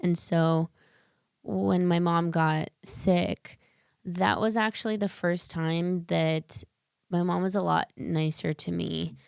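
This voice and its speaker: A woman guest sharing her own story in an earnest, heartfelt way, her words loose and full of fillers. Her voice sits low and carries a gravelly edge, yet stays smooth and clear. The sound is dry and close. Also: fairly even intonation, slow, darkish tone, no room sound. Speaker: podcast guest. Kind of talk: candid personal storytelling.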